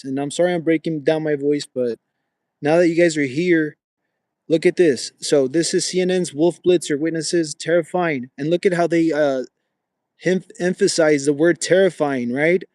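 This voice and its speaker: This young man's slightly high, a little mellow voice comes through at a moderate pace in a dry, clean studio-sounding recording. He's hosting a casual livestream on the move with a gimbal, talking to chat viewers and frequently saying bro.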